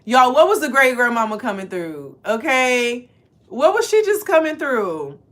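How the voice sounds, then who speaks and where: A woman reading oracle card messages and affirmations aloud, speaking earnestly and directly to the listener, repeating phrases slowly for emphasis. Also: a little high, very animated, fairly bright tone. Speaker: spiritual card reader.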